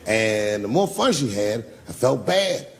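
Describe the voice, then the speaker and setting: A man's voice: on the low side, sing-song, unhurried, creaky, slight background noise. A man performing a stand-up routine on a club stage, telling profane, loose stories and bantering with the crowd. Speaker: stand-up comedian. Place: comedy club stage with live audience.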